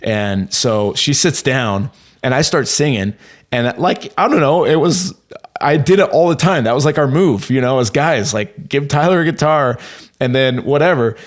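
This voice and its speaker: A man in his thirties telling a long personal story as a podcast guest, rambling and animated, with many fillers and restarts. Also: mid-range voice, normal speed. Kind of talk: casual storytelling.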